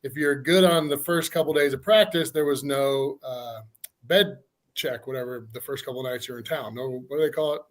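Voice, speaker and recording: A man's voice: mid-range voice, normal speed. A man, a former college football player, telling a self-mocking team story in easygoing podcast chat.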